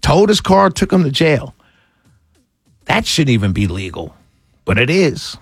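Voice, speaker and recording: A man's voice: fairly high pitch, big pitch swings, a little slow, husky, no echo. A man hosting a talk radio show, ranting with sarcasm and passion and laughing between his points. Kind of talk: opinionated radio monologue.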